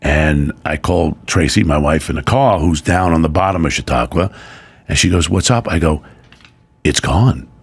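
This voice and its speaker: A middle-aged man, a guest, telling a personal story in casual chat, emotional and animated. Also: rumbling low, moderate pace, vocal fry, husky.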